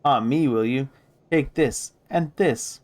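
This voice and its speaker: Man doing a cranky old seamstress who mutters to herself, sing-song, voice jumps high. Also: animated, moderate pace, natural voice. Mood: muttering, cranky.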